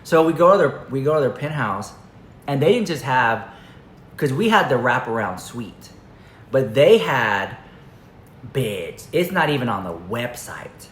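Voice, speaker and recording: A man's voice: medium pitch, a bit bright. Male vlogger, gossipy rambling storyteller, echoey room with faint noise. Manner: chatty, rambling, filler-heavy. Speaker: commentary vlogger. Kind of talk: casual storytelling to camera. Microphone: camera.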